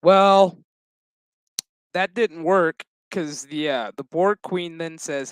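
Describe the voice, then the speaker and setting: Slow-talking profane man recapping a show. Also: on the high side, clean tone, no echo, poor audio. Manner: profane, rambling, jokey. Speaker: show reviewer. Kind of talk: casual episode recap.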